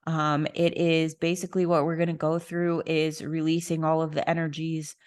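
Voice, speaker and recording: A woman's voice: low voice, monotone, moderate pace, darkish tone, clean tone, dry recording. A woman hosting a podcast, casually telling a personal story, candid and frank. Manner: candid, casual, swears and laughs. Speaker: podcast host.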